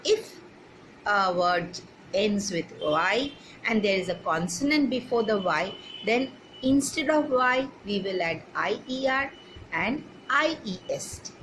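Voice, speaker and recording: A woman's voice: fairly high pitch, a bit bright, slight background noise, rough recording. A woman teaching English grammar to children, spelling words out letter by letter and checking that they follow.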